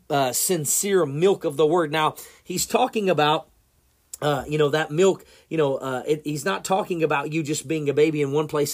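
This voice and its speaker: A man gives a loose, conversational sermon and often circles back over his own words. His voice sits a little high for a man. He speaks plainly, as if chatting with a familiar congregation. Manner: conversational and repetitive, with frequent fillers and restarts. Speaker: preacher. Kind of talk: informal sermon.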